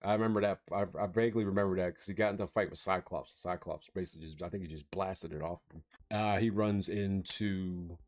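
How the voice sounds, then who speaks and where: A man's voice: low-pitched, fairly even intonation, brisk, few pauses, a little mellow. A man casually recapping a movie plot for a review vlog, rambling with lots of fillers. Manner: rambling, filler-heavy, laughs while retelling.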